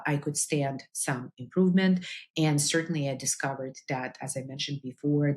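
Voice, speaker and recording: Low pitched lady doctor on her podcast, earnest, lots of uhs. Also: a little mellow. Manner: earnest, frequent "uh" fillers. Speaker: integrative cardiologist, podcast host. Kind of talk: personal health talk to listeners.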